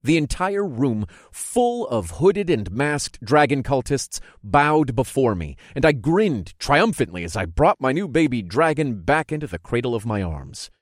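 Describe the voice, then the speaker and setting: A man's voice: mid-range voice, measured pace, hardly any pauses, dry recording, studio quality. A man reading a first-person fantasy story aloud as an audiobook narrator, telling it expressively. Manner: expressive storytelling, voicing characters' lines.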